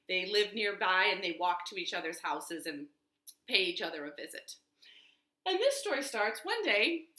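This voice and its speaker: A woman librarian reading a children's storytime at home, slow, sing-song and expressive. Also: mid-range voice. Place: home living room. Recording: roomy living room.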